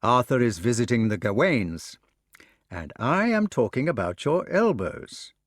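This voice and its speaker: A man's voice: medium pitch, very animated, a little slow, no room sound, clean studio sound. A man reading an audiobook, voicing an earnest, brooding knight who pleads with his love.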